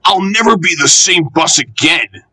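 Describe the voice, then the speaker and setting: A man performs a brave, excitable male bus from a storybook, racing to keep a promise. The voice leaps up high with wide swings of pitch and a bright tone. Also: normal speed, dry recording, exaggerated voice, poor audio. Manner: excitable, cheering.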